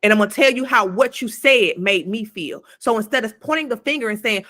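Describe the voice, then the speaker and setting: A woman's voice: a little high, brisk, few pauses, fairly bright tone. A woman co-hosting a podcast, giving blunt, emphatic advice in casual talk and swearing freely. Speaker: podcast co-host.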